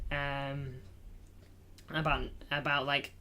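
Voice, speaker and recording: A man's voice: a little high, unhurried, a bit bright, a little hiss or hum. A man streaming live about football in a casual, jokey way, reading viewers' messages aloud and calling them lad, in front of a green screen indoors. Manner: chatty, jokey, reads chat aloud, calls viewers lad.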